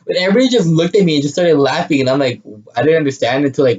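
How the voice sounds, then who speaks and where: A man's voice: fairly high pitch, very fast, hardly any pauses, a little mellow, muffled recording. A young man co-hosting a podcast, telling crude stories in a rambling way, with lots of fillers and frequent laughter. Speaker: podcast co-host. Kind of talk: casual chat.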